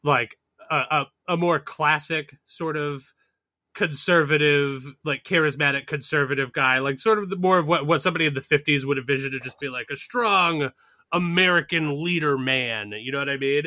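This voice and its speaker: A man's voice: a little high, normal speed, pushed and bright, no room sound, clean studio sound. A man moderating a casual political panel, rambling with many fillers.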